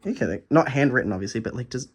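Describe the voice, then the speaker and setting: A man's voice: medium pitch, animated, rapid-fire, a little hiss or hum. A young man in a casual video diary, gushing over a gift and swearing freely, stumbling as he reads a letter aloud at home. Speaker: vlogger.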